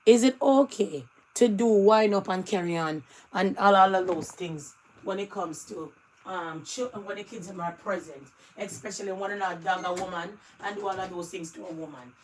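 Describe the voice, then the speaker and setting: A woman's voice: mid-range voice, normal speed, slight background noise, poor audio. A woman with a Jamaican accent giving live stream commentary, firing off pointed rhetorical questions.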